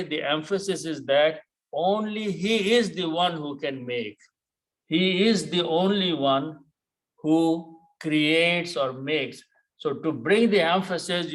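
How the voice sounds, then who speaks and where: A man teaching a Quran lesson, explaining words step by step, repeating key terms and pausing on "okay". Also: a little high, a bit bright, low-quality recording.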